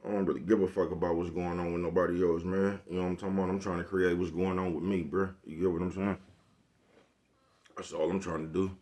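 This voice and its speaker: Deep-voiced guy ranting to the camera, rambling, cussing, keeps going "you know what i'm talkin about". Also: level tone, fast talker, darkish tone. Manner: blunt, profane street slang. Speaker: vlogger. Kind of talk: casual monologue rant.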